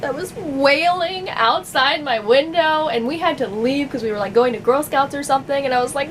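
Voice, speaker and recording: A woman's voice: high-pitched, normal speed, a bit bright, slight background noise, poor audio. Chatty young woman, rambling and giggly. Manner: rambling, chatty, laughs often, many fillers. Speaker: vlogger. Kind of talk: casual chat to camera.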